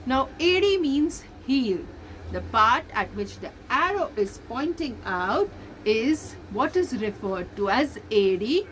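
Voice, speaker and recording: A woman teaching young children as a nursery teacher, slowly repeating letter sounds in a sing-song way. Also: on the high side, very animated, a bit bright, slight background noise. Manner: sing-song, slow drilled repetition of sounds. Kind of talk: recorded online lesson for young children.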